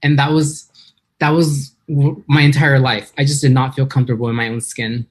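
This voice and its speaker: A woman's voice: rumbling low, little pitch movement, moderate pace, husky. Earnest, emotional woman from San Diego. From San Diego, California. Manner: emotional, earnest, a little nervous. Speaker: recovery meeting speaker. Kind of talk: personal recovery talk. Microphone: computer for an online video meeting.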